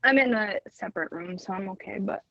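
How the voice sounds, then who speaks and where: A woman calling in from a separate room at work, emotional and halting as she speaks. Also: medium pitch, vocal fry, pushed and bright, no echo, muffled recording. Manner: halting, hesitant. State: emotional, near tears. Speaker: caller.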